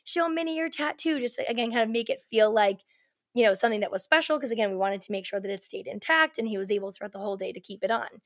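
A woman telling a story as a podcast guest, in a chatty, animated way full of "like" and "you know", acting out what people said. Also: medium pitch, racing. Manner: animated, acts out quoted lines. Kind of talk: casual storytelling chat.

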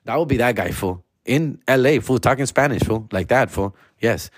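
A man telling comic stories in a loose, profane, slang-filled way, slipping into animated voices. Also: mid-range voice, moderate pace, dry recording, studio quality. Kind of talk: casual comedic storytelling.

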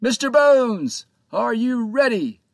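A man voicing a cheerful, loud pirate captain who shouts his lines, in a storybook reading. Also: extremely high pitch, big pitch swings, slow pace, gravelly, dry recording, studio quality, voice pushed up, exaggerated voice. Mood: booming jolly. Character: jolly booming male pirate captain.

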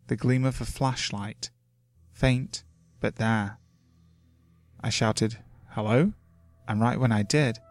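A man reading first-person scary stories from the woods as scripted horror narration, steady and measured. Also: mid-range voice, no room sound. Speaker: creepypasta narrator. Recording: faint music underneath.

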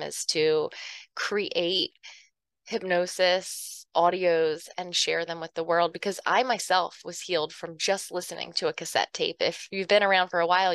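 A woman's voice: fairly low pitch, fairly bright tone, clear, resonant tone, dry recording. A woman hosting her own podcast, talking earnestly and emotionally to her listeners and laughing often. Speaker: podcast host. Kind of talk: heartfelt talk to listeners.

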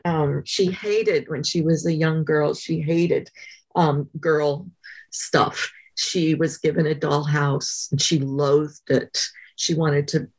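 A woman, a guest author, telling stories in a relaxed interview, pausing often and thinking aloud with fillers. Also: sits low, husky. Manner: thoughtful, many pauses and fillers. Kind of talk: conversational interview storytelling.

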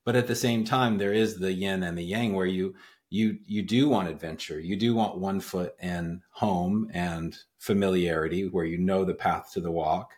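A man with a very low, deep voice talks in a laid-back podcast conversation. He muses and tells stories in a rambling, reflective way, full of ums and pauses. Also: steady tone, a little mellow. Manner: reflective, rambling storyteller with many fillers. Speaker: podcast host. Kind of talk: casual conversation.

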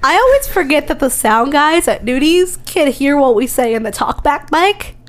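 A woman singer talking on a podcast in a frank, lively way. Her voice sits a bit high for a woman. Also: moderate pace. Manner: lively and frank, laughs easily. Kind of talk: casual chat.

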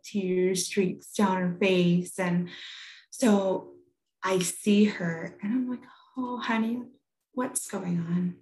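Woman in her thirties, candid storytelling talk, casual fillers, echoey room. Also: mid-range voice. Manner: candid, conversational, with frequent "like" and restarts. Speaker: speaker giving a talk on parenting.

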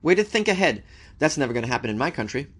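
A man's voice: medium pitch, very animated, rapid-fire, slightly rough. A man hosting a news show, reading stories aloud and cracking wry jokes about them in a casual commentary style. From United States. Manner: wry, joking, talks back to the news he reads.

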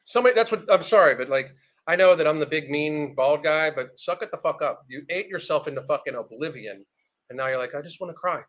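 A man's voice: fairly high pitch, animated, a little fast, fairly bright tone. A man hosting reaction commentary, ranting bluntly and swearing often. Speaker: commentary host.

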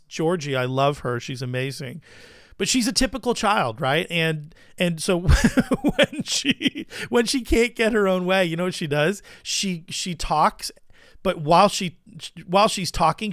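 Guy hosting a reaction show, talky, laughs a lot, slightly high voice, dry sound. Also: fairly bright tone, dry recording. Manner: chatty, laughs often, repeats words while thinking. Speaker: host of a Christian commentary show. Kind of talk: casual reaction commentary.

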